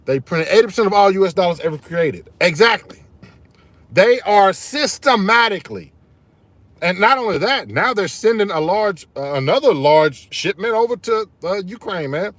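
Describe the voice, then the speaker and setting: A man's voice: high-pitched, lively intonation, normal speed, fairly bright tone, no echo. A man hosting his own live stream, talking casually and emphatically to his viewers, calling them y'all and repeating his points. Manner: fired-up, emphatic, repeats key phrases, addresses viewers as y'all. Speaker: channel host streaming live.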